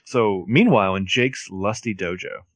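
A man's voice: on the low side, moderate pace, dry recording. A man co-hosting a podcast, casually narrating plot beats and tossing in jokes. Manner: expressive, joking, narrates plot beats with quips. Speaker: podcast co-host recapping a TV episode. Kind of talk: casual chat.

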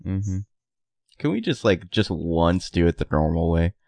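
A man with a very low, gravelly voice co-hosts a casual podcast. He talks in a dry, deadpan way, trading passive-aggressive jabs. The sound is close and dry, with no room around it. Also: measured pace, no echo. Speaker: podcast co-host.

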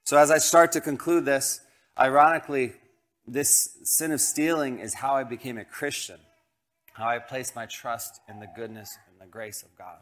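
A man who grew up in Colorado, a pastor preaching a sermon through a lively, self-deprecating personal story, acting out the voices of the people in it. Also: mid-range voice, moderate pace. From Colorado, United States. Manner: animated, self-deprecating, acts out quoted voices.

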